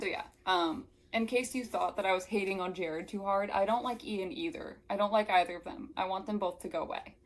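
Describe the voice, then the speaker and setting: A woman's voice: fairly low pitch, fairly even intonation, fairly quick, few pauses, slight background noise, poor audio. A young woman reading a novel aloud and breaking off into sarcastic, exasperated commentary filled with "like.". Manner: sarcastic, exasperated asides full of "like". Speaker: book reviewer.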